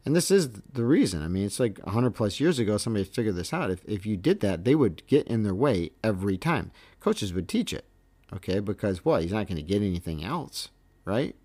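This veteran baseball umpire, a middle-aged man with a lowish, darkish voice, talks a little fast and very animatedly on his own podcast. His storytelling monologue is casual and emphatic. He keeps punctuating points with "okay?" and "all right?"

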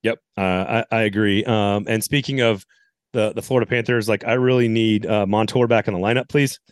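A man's voice: lowish voice, fairly even intonation, brisk, no echo, studio quality. A man hosting a casual sports podcast, laid-back and wry, with plenty of ums and uhs. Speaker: podcast host.

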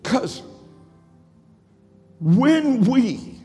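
A man preaching in a high, ringing voice, drawing his lines out slowly before they rise into shouts. His words roll through a church hall with a long tail of reverb, while faint music plays underneath. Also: very animated. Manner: rhythmic preaching, swells to shouts. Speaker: pastor. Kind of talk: sermon. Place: church sanctuary.

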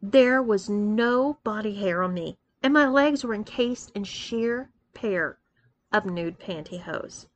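A woman's voice: mid-range voice, slow pace, lo-fi sound. A woman reading a first-person story aloud, moving expressively between narration and dialogue. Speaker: story reader.

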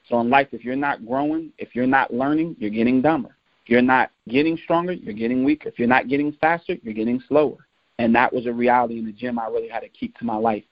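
A man's voice: mid-range voice, dry recording. A man who played college football tells personal stories in a motivational talk, acting out the voices of the people he quotes. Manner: animated, acts out quoted voices. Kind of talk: storytelling talk. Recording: dull lo-fi dry recording.

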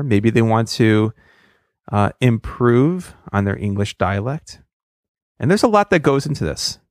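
A man hosting a speech pathology podcast, talking in a relaxed, chatty way with musing asides. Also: on the low side, no room sound, studio quality. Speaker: podcast host. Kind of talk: podcast intro and interview.

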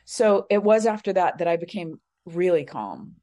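A woman's voice: on the low side, animated, moderate pace, warm tone. A middle-aged woman, a guest on an interview show, telling a personal story casually, with many fillers and rambling asides. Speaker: guest, psychic medium.

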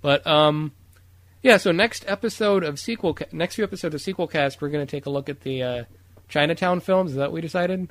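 A man hosting a podcast in a relaxed, easygoing way, with frequent fillers and hesitations. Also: on the high side, brisk. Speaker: podcast host. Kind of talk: casual podcast chat.

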